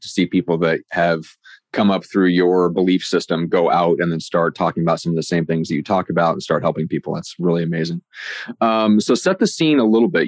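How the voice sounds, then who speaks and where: Male podcast host, very low voice, dry room, friendly and rambling interviewer. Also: no room sound. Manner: friendly, rambling questions with fillers.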